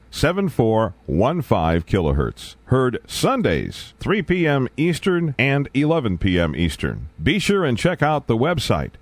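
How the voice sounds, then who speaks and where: A man's voice: medium pitch, no echo. A man hosting a radio show, reading a station announcement. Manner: clear announcer delivery, spells things out.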